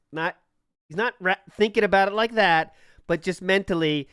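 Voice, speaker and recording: A man's voice: high-pitched, a little fast, fairly bright tone, smooth, dry recording. Blunt, swearing man on a dry close mic. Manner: blunt, swears often, acts out quoted lines. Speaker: podcast co-host. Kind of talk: casual podcast chat.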